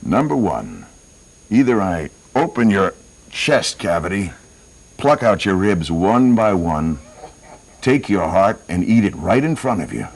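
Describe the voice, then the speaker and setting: A crude male grizzly bear that threatens slowly and calmly, as a man puts it on in a spoken joke. The voice sits very deep and rolls up and down with lively swings. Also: heavily acted, rough recording. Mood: menacing.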